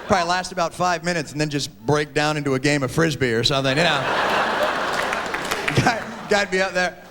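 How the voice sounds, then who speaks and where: A man performing a stand-up comedy set, animated and shouting his punchlines. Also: fairly high pitch, very fast, heavy background noise. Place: large theater stage with audience. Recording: 1990s VHS TV broadcast, hall reverb, laughing crowd. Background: audience laughter.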